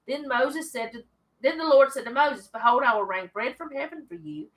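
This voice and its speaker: Bright-voiced woman leading a Bible study. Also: fairly high pitch, low-quality recording. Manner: reads scripture aloud, then chats about it with asides. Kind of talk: casual Bible reading and commentary.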